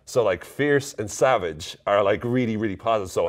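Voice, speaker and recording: This is an Irish man with a deep, low-set voice, giving a casual to-camera explainer of everyday Irish expressions. He keeps it light and teasing, breaking into laughter at his own jokes. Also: lively intonation, normal speed. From Ireland. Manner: playful, jokey, laughs at himself. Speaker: presenter explaining Irish slang.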